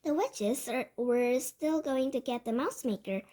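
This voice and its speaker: A woman's voice: sits high, measured pace, dark tone. A woman voicing a plucky boy-mouse. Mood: excited. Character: brave young boy turned mouse, excited and plucky.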